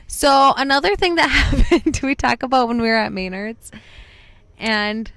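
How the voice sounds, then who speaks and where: A woman's voice: fairly high pitch, expressive, moderate pace, a bit bright, dry recording. A young woman co-hosting a podcast, telling a bar story in casual chat, acting out quoted lines and saying "like" a lot. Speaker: podcast co-host.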